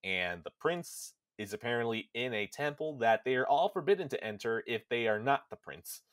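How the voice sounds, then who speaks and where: A man hosting a podcast, retelling a game's story in a casual, animated way and quickly jumping into quoted lines from the characters. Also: mid-range voice, dry recording, studio quality. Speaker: podcast host.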